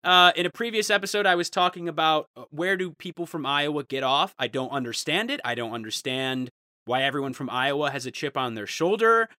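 A man's voice: fairly high pitch, animated, a little fast, pushed and bright, dry recording, studio quality. A young man from Ohio hosting a podcast, ranting in mock outrage in a casual chat. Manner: ranting, mock-outraged, jumps into quoted voices. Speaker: podcast host.

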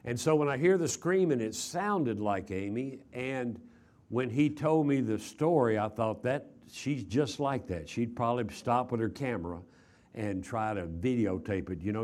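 A man's voice: mid-range voice, normal speed, darkish tone. An older man from Texas preaching a chapel sermon, telling stories in a folksy way with frequent fillers and repeated words. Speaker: traveling preacher.

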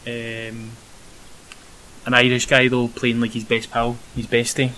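Bright-voiced Scottish man. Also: mid-range voice, completely flat delivery, unhurried, rough recording. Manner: rambling, hesitant, many ums. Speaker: podcast co-host. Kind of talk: casual film review chat. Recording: faint hiss.

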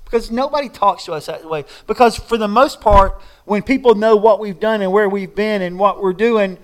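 A male pastor preaching a sermon in a relaxed, conversational way, drawing his listeners into an imagined scene. His voice sits notably high for a man. He talks with feeling, often putting words into imagined people's mouths as he tells the story. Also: moderate pace.

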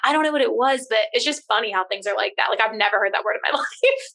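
Fast-talking, laughing woman with a Jersey accent. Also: on the high side, vocal fry, bright, forceful tone. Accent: New Jersey. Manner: quick, laughing often, sprinkled with "like" and swearing. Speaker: podcast co-host. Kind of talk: casual chat.

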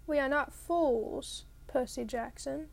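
A woman's voice: sits high, slow, creaky, full character voice. A woman voicing a hissing, menacing monster teacher. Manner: cold, threatening, hissing. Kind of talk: audiobook reading.

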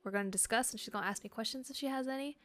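A woman's voice: a little high, rapid-fire, fairly bright tone. A woman co-hosting a podcast, chatting casually and animatedly, laughing easily. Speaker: podcast co-host.

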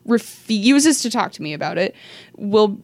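A young woman co-hosting a casual podcast chat, animated and quick to laugh as she tells a story. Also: medium pitch, no echo. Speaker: podcast co-host.

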